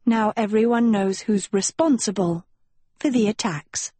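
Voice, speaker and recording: A woman voicing a proud, scheming teenage girl in an audiobook, with a high, sing-song, coaxing delivery. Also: unhurried, mellow, breathy edge, no room sound. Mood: cool. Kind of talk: audiobook character voice.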